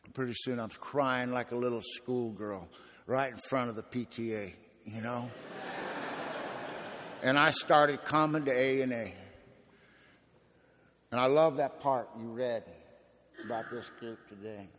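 A man's voice: medium pitch, a little slow, long pauses, fairly bright tone. A man speaking at a recovery meeting, telling his story with gritty slang and dry humor. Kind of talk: personal testimony talk. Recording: echoey hall.

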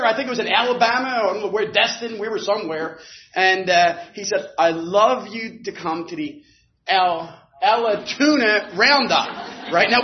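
Loud joking man addressing a crowd. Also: high voice. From New Jersey. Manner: loud, joking, fast-talking. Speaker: recovery meeting speaker. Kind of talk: energetic speech to a crowd. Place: large hall with a crowd. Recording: lo-fi live hall recording.

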